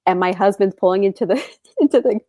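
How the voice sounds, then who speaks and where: A woman who is a guest on a livestream, telling relaxed everyday stories with a light laugh. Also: mid-range voice, fast, no echo, studio quality. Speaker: guest on a stream. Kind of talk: casual chat.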